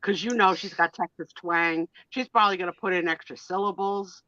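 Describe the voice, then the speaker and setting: A woman's voice: fairly low pitch, steady tone, a little fast, pushed and bright, dull audio. A woman joining a live stream as a regular co-host, talking in a playful, teasing, theatrical way.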